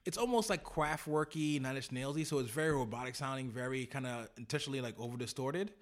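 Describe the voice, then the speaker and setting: A man's voice: medium pitch, fast talker. A man talking casually about music with a friend, rambling and laughing often.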